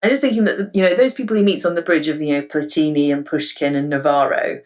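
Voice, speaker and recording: A woman's voice: deep voice, steady tone, quick pace. A woman co-hosting a casual podcast discussion, chatty and enthusiastic with frequent filler words. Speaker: podcast co-host.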